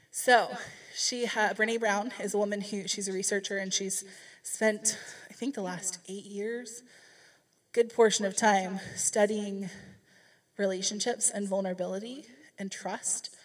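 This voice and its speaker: A woman's voice: medium pitch, steady tone, a little slow, recorded from a distance. A woman speaking to a church group, telling a story in a chatty, rambling way with frequent restarts. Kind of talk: casual sermon storytelling.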